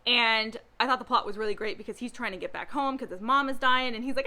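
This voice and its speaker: A woman's voice: a little high, brisk, hardly any pauses, bright, forceful tone. A young woman chatting casually about books she read, laughing often and acting out characters in mocking voices. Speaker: book reviewer. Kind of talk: casual book review chat.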